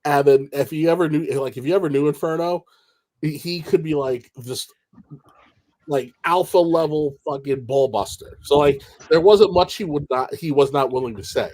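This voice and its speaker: A man co-hosting a comedic wrestling podcast, telling anecdotes in an animated, drawn-out way. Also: on the high side. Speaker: podcast co-host. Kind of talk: casual comedic storytelling.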